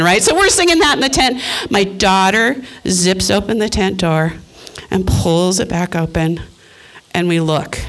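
A middle-aged woman telling a personal story, acting out her own thoughts and the voices of others. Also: mid-range voice.

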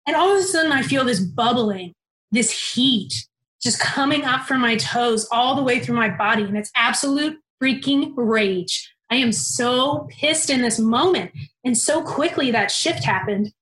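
Young adult woman storyteller, animated and candid; high voice, reverberant space. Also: unhurried. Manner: animated, candid, swears casually. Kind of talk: personal storytelling. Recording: roomy echo.

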